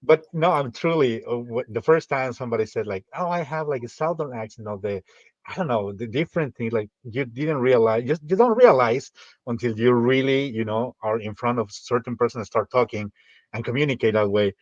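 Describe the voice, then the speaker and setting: A man's voice: mid-range voice, fairly quick, no room sound. A man from Mexico with a Mexican Spanish accent, hosting a podcast and chatting hesitantly as he searches for words. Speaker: podcast host. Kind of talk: casual chat. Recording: dull dry mic.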